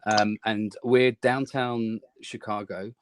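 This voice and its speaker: A man's voice: lowish voice, level tone, slow pace, smooth, dry recording. A man with an English accent, a musician guest telling a rambling anecdote in an interview, full of restarts. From England. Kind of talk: storytelling in interview.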